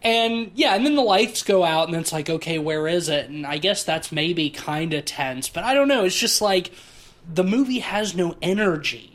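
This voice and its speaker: A man's voice: high-pitched, animated, normal speed, a bit bright. Rambling podcast co-host man. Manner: rambling, heavy use of "like". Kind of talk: casual movie discussion.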